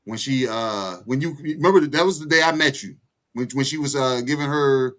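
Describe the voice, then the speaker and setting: Man, co-host, casual chat, relaxed asides, medium pitch. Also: moderate pace. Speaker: podcast co-host.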